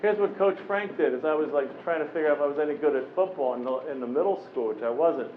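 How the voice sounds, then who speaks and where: A man in his forties giving a keynote address to a room, telling animated personal stories and briefly voicing the people he quotes. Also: a little high, fast talker. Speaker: keynote speaker. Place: conference room with a live audience. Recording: tinny phone-like recording with faint noise.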